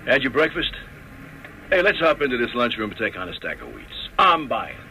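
A slangy, cocky mob messenger. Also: male voice, medium pitch, very animated, moderate pace, bright, forceful tone, slight background noise, heavily acted, poor audio. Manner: slangy tough-guy patter. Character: pushy male mob messenger, sly and cocky. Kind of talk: 1970s radio drama acting.

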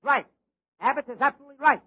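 A comedian who talks in a gabby, childlike, blurting way, in 1940s radio comedy on a noisy old broadcast recording. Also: male voice, very high-pitched, fast talker, slightly rough, highs cut off.

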